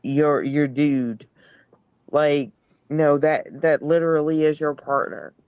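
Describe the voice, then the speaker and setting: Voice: mid-range voice, takes it slowly, a little mellow, clear, resonant tone, no room sound. A laid-back speaker in a casual chat, laughing easily and stumbling over repeated words.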